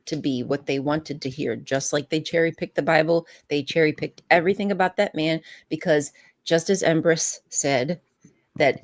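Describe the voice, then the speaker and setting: A woman's voice: low-pitched, normal speed. A woman co-hosting a podcast, giving emphatic political commentary in casual chat. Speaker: podcast co-host.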